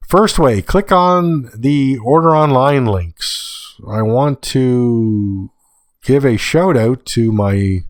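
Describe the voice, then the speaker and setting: A man hosting a solo podcast, working through a long list of prices and adding dry asides as he goes. He sounds tired, as if recording late at night. His voice sits at an ordinary pitch and is recorded close and dry, with no room sound. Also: no room sound. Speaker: podcast host.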